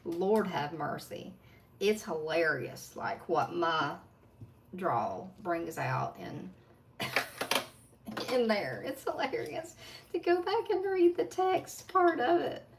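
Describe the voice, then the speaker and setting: Gravelly Appalachian woman chatting at a distance. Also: fairly low pitch, sing-song, takes it slowly, a little hiss or hum. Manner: chatty, laughing asides, talks to viewers while doing nails. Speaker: nail art livestream host. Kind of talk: casual chat while working. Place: home desk.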